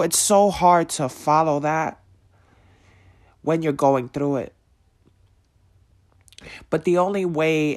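A man speaking as a motivational speaker, preaching in a slow, emphatic way with repeated rhetorical questions. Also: a little high. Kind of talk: motivational monologue.

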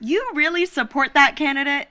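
Young woman co-host, high, bright voice, chatty ranting, casual swearing. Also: moderate pace. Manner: ranting, swears freely, lots of "like". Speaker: podcast co-host. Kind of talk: casual chat.

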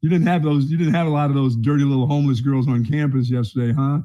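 A middle-aged man co-hosting a radio sports show tells a blunt, rambling story during casual banter, laughing at his own jokes. He talks fast at a medium pitch with a steady, dark tone, and the highs are cut off.

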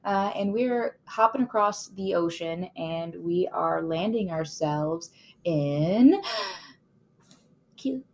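A woman's voice: fairly low pitch, slow, a little hiss or hum. A woman co-hosting a casual podcast, playful and bubbly, laughing often. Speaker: podcast co-host. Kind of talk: casual chat.

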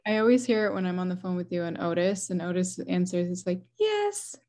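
Quiet, soft-spoken woman co-host, low voice, understated. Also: fairly even intonation, quick pace. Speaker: podcast co-host. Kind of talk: casual podcast chat.

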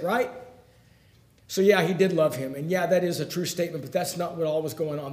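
Preacher man, hushed to emphatic. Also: fairly high pitch, brisk, echoey room. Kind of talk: sermon. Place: church sanctuary.

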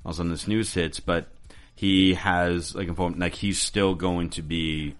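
A young man with a very low voice co-hosts a casual panel chat. His delivery is wry and laid-back, with dry jokes mixed in. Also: steady tone, a little slow, clean tone, soft background music. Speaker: co-host.

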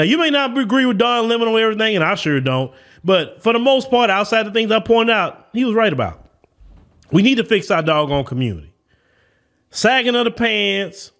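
A man's voice: sits high, fairly bright tone. A man with a Southern US accent hosting an opinion podcast, talking in a preachy, emphatic, lecturing way. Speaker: podcast host.

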